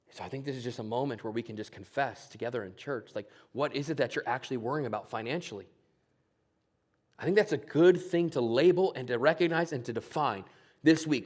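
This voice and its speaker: A man preaching a sermon in church, earnest, swinging from loud emphasis to hushed, near-whispered lines. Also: mid-range voice, brisk. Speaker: pastor.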